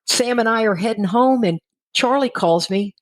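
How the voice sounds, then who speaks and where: A woman's voice: on the high side, normal speed, poor audio. A middle-aged woman from Texas sharing her personal recovery story candidly, acting out the dialogue of the people in it. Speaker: guest speaker in recovery.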